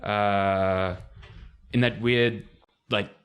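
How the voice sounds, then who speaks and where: A man co-hosting a casual gaming podcast, rambling and quick to joke. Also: lowish voice, fairly even intonation, a bit bright, smooth. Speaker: podcast co-host.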